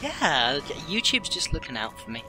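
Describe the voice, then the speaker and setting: A man's voice: fairly high pitch, very animated, normal speed, over music. A man making dry wisecracks as a co-commentator on a game playthrough. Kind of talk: gaming commentary banter.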